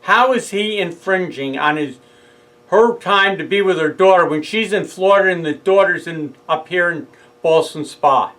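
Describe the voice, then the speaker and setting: Here a middle-aged New Yorker narrates his legal case as a relaxed monologue, performing both voices of an angry phone exchange. His pitch is high, his tone a bit bright, his pace moderate, and the recording low-quality.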